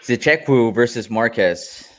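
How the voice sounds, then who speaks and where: A man co-hosting a casual podcast about fights, measured and asking follow-up questions. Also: mid-range voice, lively intonation. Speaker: podcast co-host.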